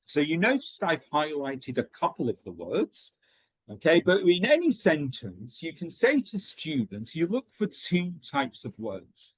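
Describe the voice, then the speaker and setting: Husky, lively-voiced man explaining teaching methods. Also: a little high, no echo. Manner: explanatory, checks in with frequent "okay?". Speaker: teacher trainer. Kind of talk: pronunciation teaching webinar.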